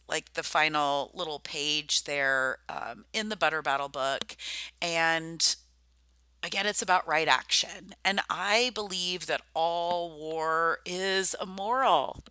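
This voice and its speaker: A woman's voice: low-pitched, pushed and bright, no room sound. A middle-aged woman giving a rambling personal slideshow presentation, full of ums and self-corrections.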